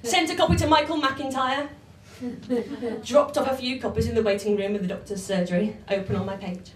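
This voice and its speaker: A woman with a fairly high voice delivers bawdy stand-up comedy and punchy performance poetry. Her voice rings in an echoey club room, caught from a distance, with faint ambient noise. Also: fairly even intonation, a little fast. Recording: echoey live room from far off.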